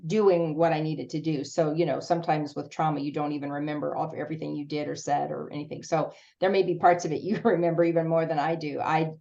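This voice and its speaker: A woman speaking to a support group as guest, telling a personal story in an earnest, halting way with many restarts. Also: deep voice, flat delivery, vocal fry, dark tone, lo-fi sound.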